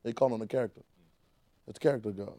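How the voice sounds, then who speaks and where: A man's voice: medium pitch, racing, dark tone, no room sound. A man preaching a sermon in a conversational, vernacular way, with frequent restarts and call-and-response with the congregation.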